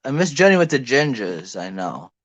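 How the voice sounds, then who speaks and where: A man's voice: medium pitch, sing-song, normal speed, a bit bright. A man hosting a livestream, chatty and casual, greeting viewers and reading questions out. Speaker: host.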